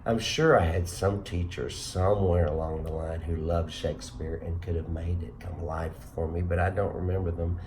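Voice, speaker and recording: A man's voice: low voice, fairly even intonation, darkish tone, slight background noise. Chatty man in his sixties. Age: 60s. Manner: rambling, self-deprecating, quick to laugh. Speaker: host. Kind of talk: casual chat.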